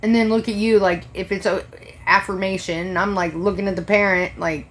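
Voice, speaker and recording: A woman's voice: medium pitch, fairly even intonation, moderate pace, a bit bright. A woman who works as a restaurant server, ranting casually on a livestream and swearing freely in an exasperated way.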